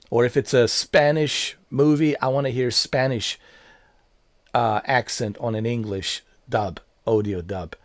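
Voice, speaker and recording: A man's voice: medium pitch, no echo. A man with a Slavic accent giving rambling, joking commentary on a game livestream, full of fillers and asides. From Slavic country. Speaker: game streamer. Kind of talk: casual gameplay livestream commentary. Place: living in America.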